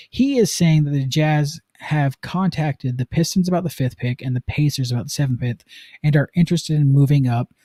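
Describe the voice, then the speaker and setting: A man's voice: medium pitch, dark tone, no echo. A man from Utah hosting a casual live-streamed sports talk show, chatting loosely with plenty of fillers. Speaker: sports podcast host.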